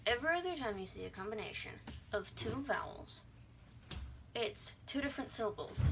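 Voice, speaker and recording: A woman's voice: a little high, lively intonation, a little fast, noisy background. A young adult woman giving a casual video lesson, breezy and irreverent, sounding out vowels and words as she explains. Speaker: language teacher.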